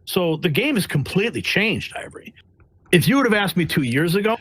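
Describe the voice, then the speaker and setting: A man's voice: high voice, very animated, fairly quick, a bit bright, breathy edge, no echo, low-quality recording. Blunt, emphatic male press correspondent. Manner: emphatic, blunt, acts out voices in anecdotes. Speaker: White House press correspondent. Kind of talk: animated interview storytelling.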